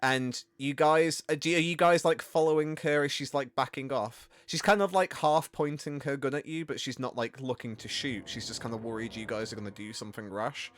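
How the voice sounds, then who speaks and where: A man's voice: mid-range voice, steady tone, fairly quick, hardly any pauses, fairly bright tone. A man narrating a tabletop game as its game master, with a mid-range voice. He talks in a loose, chatty way, full of ums and restarts. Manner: casual, chatty, many fillers and restarts.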